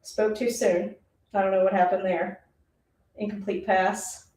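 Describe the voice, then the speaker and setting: A woman's voice: mid-range voice, little pitch movement, measured pace, darkish tone. A woman streaming a casual live football reaction, chatty and rambling, who laughs often. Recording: roomy, distant mic.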